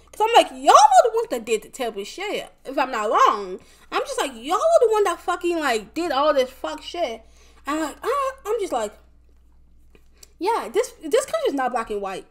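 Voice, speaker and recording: A woman's voice: high-pitched, a bit bright. A young woman hosting a solo podcast, rambling in a casual, exasperated rant full of filler words and swearing. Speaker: podcast host.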